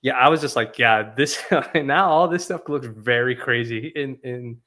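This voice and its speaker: A man's voice: mid-range voice, measured pace, bright, forceful tone. A man co-hosting a casual sports livestream, recalling things loosely and laughing often. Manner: laughing, loose conversational recollection. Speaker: podcast co-host.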